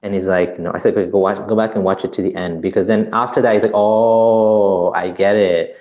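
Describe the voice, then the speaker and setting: Animated man with a roomy, dull sound. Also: low voice, rapid-fire. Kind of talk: casual podcast chat.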